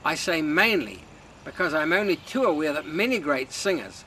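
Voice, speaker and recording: A man giving a calm, measured lesson on singing technique. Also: on the high side, a little hiss or hum, poor audio. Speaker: singing teacher. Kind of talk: instructional talk.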